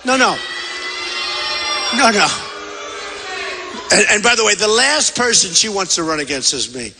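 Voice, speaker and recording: A man gives a campaign rally speech in a rambling, conversational way, circling back and repeating himself. His voice is high for a man, bright and forceful. It rings out through a big convention hall with a long reverb. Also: lively intonation, measured pace, faint music behind. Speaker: political candidate at a rally. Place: large convention center hall.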